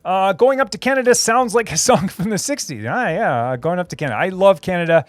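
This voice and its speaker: Guy rambling through live chat, kinda high voice, laughing a lot, dead dry sound. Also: lively intonation, fast, no echo. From Minnesota. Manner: rambling, laughing, lots of restarts and fillers. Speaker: host answering live chat. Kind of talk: casual live-stream chat.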